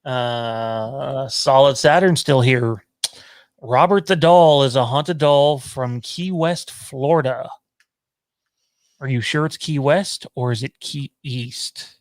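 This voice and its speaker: Slow, laid-back joking man. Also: medium pitch, no echo, studio quality. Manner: laid-back, jokey, often laughing. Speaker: podcast co-host. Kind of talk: casual chat reading live chat.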